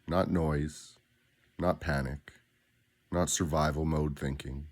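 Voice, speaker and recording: A man guiding listeners through spoken daily affirmations, with a slow, deliberate, grounded delivery and pauses between phrases. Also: a bass voice, steady tone, darkish tone, breathy edge. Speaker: affirmation guide.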